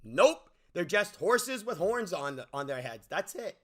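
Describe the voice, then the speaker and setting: A man's voice: high voice, very animated, a little slow. A man giving an exasperated, ranting movie review, often stumbling and repeating words as he restarts. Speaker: movie critic.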